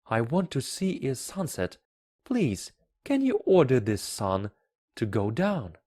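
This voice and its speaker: A man reading the part of a tired, curious boy prince in a storybook, speaking a little softer and asking questions. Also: medium pitch, wildly swooping pitch, slow, no echo, clean studio sound, pitched above the performer's own voice, exaggerated voice.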